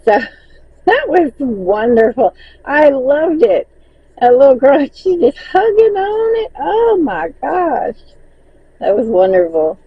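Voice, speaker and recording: Southern lady chatting thru her sales list, slow and a bit husky, dull dry lo-fi sound. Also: fairly high pitch, no room sound. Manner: reads sales list, laughs often, chatty storytelling. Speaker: crochet seller recapping market sales. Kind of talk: casual vlog recap.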